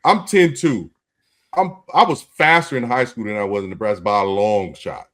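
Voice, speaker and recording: A man's voice: on the low side, fairly bright tone. A man co-hosting a sports podcast, chatting casually and emphatically about his playing days. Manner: emphatic, affirming, quick asides. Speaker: podcast co-host, former player. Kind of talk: casual chat.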